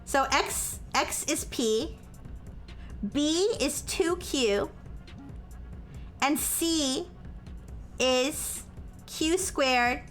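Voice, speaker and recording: A high, bright woman's voice that walks through equations at an unhurried pace, checking in after each step and turning flustered and apologetic when her chat corrects her. Faint music plays softly behind her. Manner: explains step by step with frequent "okay?" and "all right?" checks; self-described as highly caffeinated. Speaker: streamer working through a math problem. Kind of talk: live-stream explaining math to chat.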